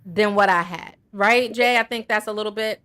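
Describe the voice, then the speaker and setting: Bright-voiced woman host. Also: mid-range voice, normal speed, clear, resonant tone. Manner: earnest, encouraging, repeats "right?". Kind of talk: casual talk show conversation.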